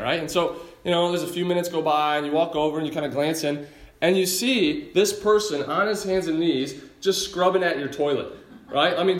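A man preaching a sermon in an animated, conversational way with casual asides. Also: high-pitched, echoey room. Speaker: pastor.

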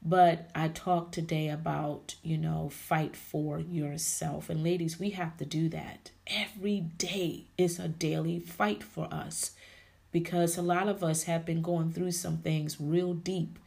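A woman's voice: sits low, flat delivery, unhurried, vocal fry, darkish tone. A woman hosting a podcast, giving an emphatic, preachy faith-based motivational talk and calling her listeners ladies and honey. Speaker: podcast host.

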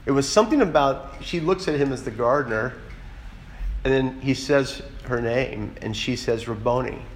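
A man preaching in an earnest, conversational way, pitched in an ordinary middle register. He talks straight to the congregation and often turns to them with questions. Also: gravelly, a little hiss or hum, rough recording. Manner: earnest, direct, asks the listeners questions. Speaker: pastor. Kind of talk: conversational sermon.

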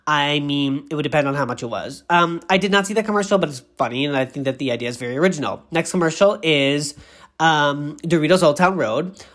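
Fast, rambling comic recapper. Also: mid-range voice, a bit bright. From Boston. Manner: digressive, self-interrupting, tripping over words. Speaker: commercial recapper. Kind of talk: comedic rambling monologue. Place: bathroom.

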